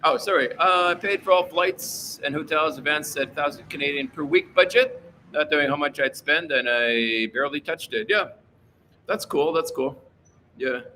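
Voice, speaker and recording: A man rambles through a casual livestream in a bright, sharp voice that sits a little high. He reads out chat messages and answers them loosely, with plenty of fillers and restarts. Faint background noise runs under his talk. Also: normal speed. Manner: rambling and opinionated, with frequent fillers. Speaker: livestream host reading chat.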